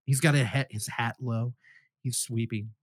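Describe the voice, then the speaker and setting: A podcast host with a medium-pitched, fairly even voice speaks at normal speed, animatedly retelling a movie in casual film review chat and swearing freely. The recording is dry with clean studio sound.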